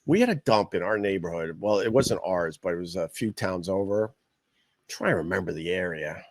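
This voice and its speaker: A middle-aged man from Long Island hosts a livestream, rambling bluntly and swearing freely in a deep, low voice. The sound is dry and close, with no room around it. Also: normal speed, no echo. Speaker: podcast host. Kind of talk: casual livestream chat.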